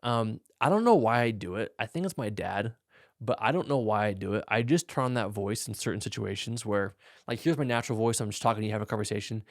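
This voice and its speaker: A man's voice: fast, no echo, clean studio sound. A young man hosting a podcast, casually answering listener questions in a frank, laid-back way. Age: young adult. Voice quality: gravelly low voice. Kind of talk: casual Q&A chat.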